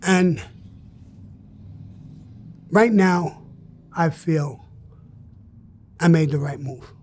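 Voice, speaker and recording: An older man speaks in a notably high voice, recounting his past in a candid interview. He is blunt and profane, and he hits his points with emphatic bursts. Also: very slow, darkish tone.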